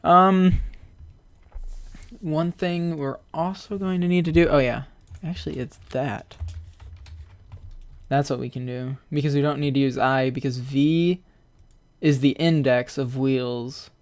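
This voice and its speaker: A man's voice: a little high, steady tone, a little slow, long pauses. A man records a laid-back game scripting tutorial, joking around as he talks through his code piece by piece. He sounds a little out of breath, and keys clack under his voice. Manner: goofy, rambling, narrates code aloud while typing. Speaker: Roblox scripting tutorial host. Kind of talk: casual screen-recorded coding tutorial. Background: keyboard typing.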